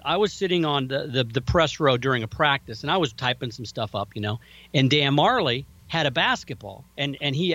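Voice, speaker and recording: Fast, animated man on a slightly muffled mic. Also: medium pitch, no echo. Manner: animated storyteller who acts out other people's lines. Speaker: podcast co-host. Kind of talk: casual podcast chat.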